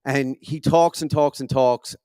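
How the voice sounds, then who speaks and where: A man's voice: mid-range voice, steady tone, measured pace, dark tone, smooth, dry recording, clean studio sound. A man in his thirties with a Philadelphia accent doing a profane, self-deprecating stand-up comedy set. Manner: profane, self-deprecating, punchy delivery with lots of swearing. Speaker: stand-up comic. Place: comedy venue with a live audience.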